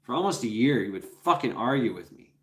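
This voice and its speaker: A man's voice: medium pitch, sing-song, brisk, a bit bright. A man hosting a casual livestream, telling a rambling, profane story with many restarts and chuckles. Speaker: livestream host.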